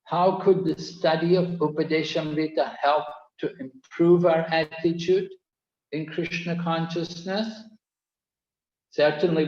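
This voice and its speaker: A man's voice: a little high, a little mellow. A man teaching an online course, explaining points earnestly and repeating key phrases. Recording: echoey, dull-toned video call audio.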